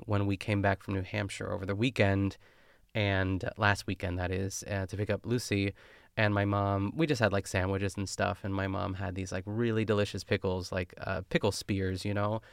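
Gravelly low-voiced man, chatty recap. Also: no room sound, clean studio sound. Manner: chatty and rambling, full of fillers and tangents. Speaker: podcast host recapping a cooking show. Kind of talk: casual chat.

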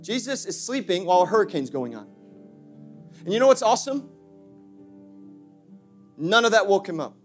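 A male pastor preaching passionately, swinging from loud calls to hushed asides with playful remarks to the congregation. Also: high voice, sing-song, normal speed, long pauses, faint music behind. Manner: impassioned preaching with sudden shifts from shouting to hushed. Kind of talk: sermon.

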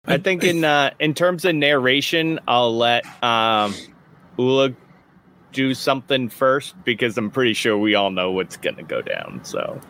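A man playing a tabletop game, deliberate and hedging with fillers. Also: mid-range voice, very animated, fairly bright tone. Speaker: player.

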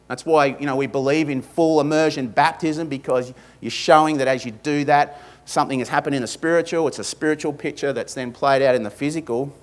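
A man's voice: on the high side, fairly even intonation, a little fast. A man with an Australian accent preaching a sermon in church, emphatic, stacking repeated lists and slipping in humorous asides. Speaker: pastor.

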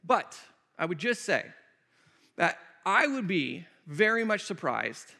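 A man's voice: high voice, very animated, slow pace, creaky, bright, forceful tone. A man preaching a conversational sermon, answering questions from the pulpit with emphatic, repeated phrases. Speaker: pastor. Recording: long reverb of a hall.

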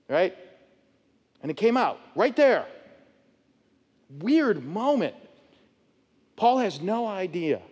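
A man preaching an expository sermon as pastor, animated and acting out voices of people in the story. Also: on the high side, big-room sound. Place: church sanctuary.

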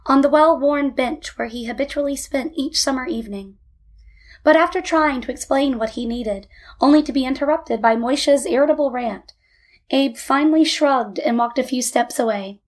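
A woman narrating a storybook in a calm, even reading voice. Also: high voice, moderate pace.

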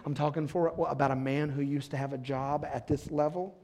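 A middle-aged male pastor preaching a sermon in a church, dropping to a hush and then building to shouts, laughing along with the congregation. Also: medium pitch, fairly even intonation, a little fast, gravelly, few pauses. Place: church sanctuary.

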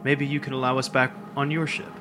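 A man voicing a calm, dry female air spirit. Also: medium pitch, a little hiss or hum, natural voice. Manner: soft, dry and measured.

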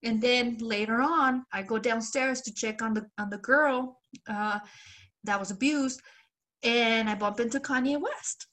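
A woman co-host telling a rambling story on a podcast in a slightly high voice. She acts out the quoted lines with lively jumps and swears casually between them. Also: a little slow. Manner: animated retelling, acts out quoted voices, laughs often; loose swearing and filler.

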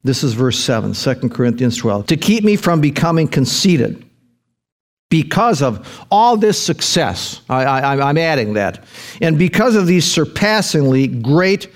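A man's voice: fairly high pitch, sing-song, a little slow. A male pastor delivering a sermon, reading scripture with folksy asides and bursts of rising emphasis.

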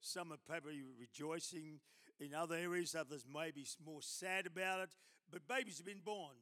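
Bright-voiced, animated preacher man. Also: on the high side, moderate pace. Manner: animated storytelling, acting out dialogue. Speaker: pastor. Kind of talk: sermon. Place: church.

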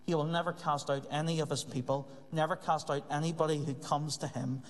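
A man's voice: a little high, fairly even intonation, a little fast. A man preaching a sermon in an earnest way, repeating key phrases for emphasis. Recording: long hall reverb.

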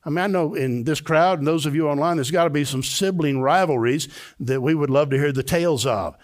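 Emphatic older male pastor preaching. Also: fairly quick. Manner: emphatic preaching, rising to high excited peaks. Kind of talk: sermon.

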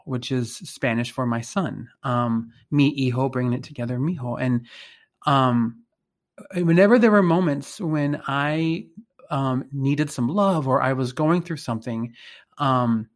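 A man reflecting on faith and identity in conversation, thinking aloud with pauses and restarts. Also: mid-range voice, lively intonation. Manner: thoughtful, hesitant, many fillers and restarts.

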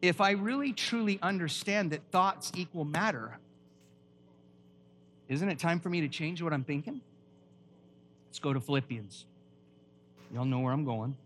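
A man preaching a lively sermon at a church, emphatic and quizzing the congregation with questions. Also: fairly high pitch, moderate pace, pauses often, slight background noise. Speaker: pastor.

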